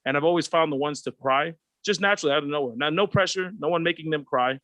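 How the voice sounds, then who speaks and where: This panel guest, a Pacific Islander man on a video call, talks fast in a slightly high voice that sounds pushed and bright, with no room sound. The discussion is candid, and he's earnest and reflective, acting out the voices of others.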